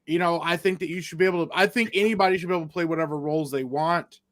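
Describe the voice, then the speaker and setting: A man's voice: a little high, racing, a bit bright, dry recording. A man co-hosting a livestream, talking in a blunt, rambling, sweary way. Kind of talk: casual livestream chat.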